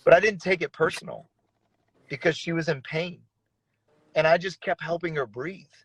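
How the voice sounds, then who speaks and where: A man's voice: a little high, normal speed, slightly rough, no echo, rough recording. A man who is a pastor, sharing an earnest personal testimony in a casual, slangy conversation. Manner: earnest, casual, uses slang like bro and dude.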